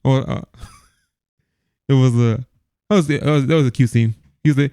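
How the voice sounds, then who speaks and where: A man's voice: medium pitch, steady tone, normal speed, mellow, clean tone, no room sound. Guy rambling on a movie podcast, keeps restarting, laughs a lot, clean voice, no room sound. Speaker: podcast co-host. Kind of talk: casual movie review chat.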